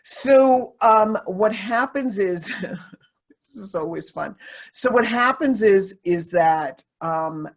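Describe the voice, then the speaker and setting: A woman's voice: medium pitch, lively intonation, takes it slowly. A woman speaking candidly and confessionally as a podcast guest, circling back and repeating phrases as she talks. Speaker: podcast guest, sensuality teacher. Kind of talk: candid conversational podcast talk.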